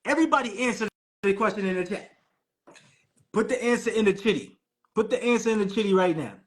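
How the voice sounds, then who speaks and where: Hosting a live call, a man with a voice that sits high talks quickly in a preachy, hyped, motivational style. He calls the audience Queen.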